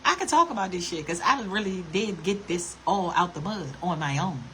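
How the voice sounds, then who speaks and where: A woman's voice: fairly low pitch, expressive, moderate pace, pushed and bright, a little hiss or hum. A woman vlogger ranting to her camera in a blunt, profane, scolding way. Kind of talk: casual rant to camera.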